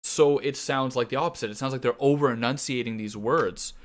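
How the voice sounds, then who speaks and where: A man's voice: mid-range voice, a little fast. A young man from Canada rambling and swearing freely while he streams a game. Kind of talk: casual gaming stream chat.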